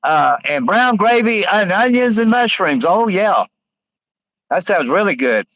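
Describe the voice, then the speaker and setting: Guy rambling on his livestream, kinda high voice, lots of uhs, dry close sound. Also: big pitch swings, a bit bright, dry recording, poor audio. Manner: rambling, halting, many uh fillers. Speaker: live stream host. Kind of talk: casual live stream chat, reading comments aloud.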